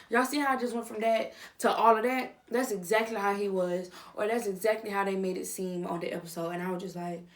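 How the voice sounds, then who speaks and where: A woman vlogger giving casual reaction commentary on a reality TV show. She talks straight to her viewers in slang, dropping to quiet asides and then rising to loud outbursts. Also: medium pitch, normal speed.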